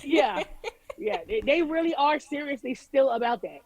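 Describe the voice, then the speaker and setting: A woman's voice: high voice, normal speed, crowd noise, rough recording. A woman artist, from Jamaica, talking candidly in a casual remote interview and acting out what people said to her. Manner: candid, chatty, quoting people in lively voices. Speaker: music artist guest.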